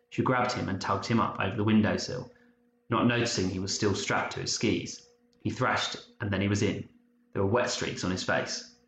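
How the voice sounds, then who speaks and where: A man narrating an audiobook in a measured, even storytelling manner. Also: on the low side. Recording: muffled roomy recording, faint hiss.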